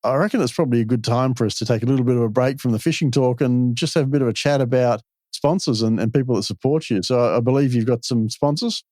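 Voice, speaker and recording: An Australian man hosts a podcast interview, talking through ideas with patient, folksy explanations. His voice sits at a middling pitch for a man. The recording is dry and close, with no room sound. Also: fast talker, few pauses, darkish tone, no room sound. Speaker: podcast host.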